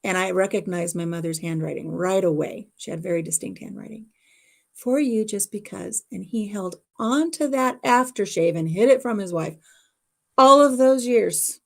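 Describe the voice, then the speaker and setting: Middle-aged woman, gravelly voice, rambling storytelling, casual livestream chat from home. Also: mid-range voice, moderate pace. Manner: rambling, emotional personal storytelling. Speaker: livestream host. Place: her home.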